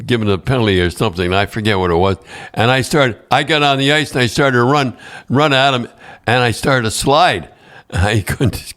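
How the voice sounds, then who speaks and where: A man's voice: mid-range voice, fairly bright tone. Older man telling rambling stories. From Canada. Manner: rambling, halting storyteller who laughs often and repeats words. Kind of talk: casual podcast chat.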